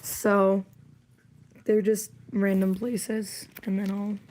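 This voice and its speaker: A woman's voice: mid-range voice, little pitch movement, slow, a little mellow, a little hiss or hum. A woman chatting casually on a livestream, rambling and wry with plenty of fillers, while coming down with a cold.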